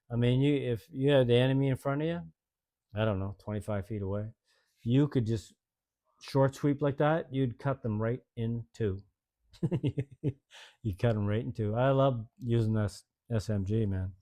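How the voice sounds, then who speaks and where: A man's voice: medium pitch, warm tone. A man in his sixties casually telling old stories in a folksy, rambling way, chuckling often. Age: 60s. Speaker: host telling service stories. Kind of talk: casual storytelling.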